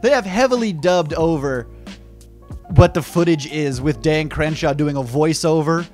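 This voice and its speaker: A young man giving mocking, excitable comedic reaction commentary on a video. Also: on the high side, normal speed, faint music behind. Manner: excitable, mocking, laughs at clips. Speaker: YouTube commentator.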